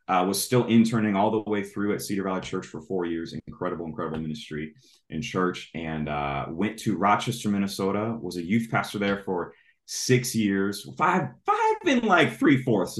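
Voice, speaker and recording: Deep-voiced man telling his testimony. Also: reverberant. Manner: animated, acts out his own reactions in high bursts. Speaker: traveling evangelist. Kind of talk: testimony storytelling.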